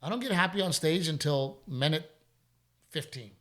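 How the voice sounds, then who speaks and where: The middle-aged podcast host's voice is a little high and a bit bright, moving at a moderate pace. In casual chat he speaks candidly and tells stories, repeating himself whenever he's emphatic.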